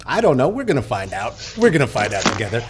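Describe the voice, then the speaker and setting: A man's voice: mid-range voice, sing-song, fast talker, slight background noise. A man in his late forties hosting a podcast unscripted, joking and rambling with many ums and restarts. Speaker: podcast host. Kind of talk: casual unscripted podcast talk.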